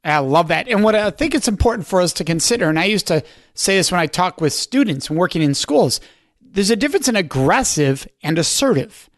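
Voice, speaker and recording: A man with a notably high voice hosts an interview, recorded close and dry with no room sound. He is enthusiastic and affirming, and he moves quickly into follow-up questions. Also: animated, dry recording. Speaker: podcast host. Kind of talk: interview talk.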